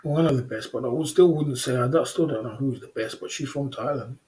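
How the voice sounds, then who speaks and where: A man hosting a casual livestream chat, relaxed and slangy, who chuckles often and repeats himself. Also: medium pitch, fairly quick. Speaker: livestream host.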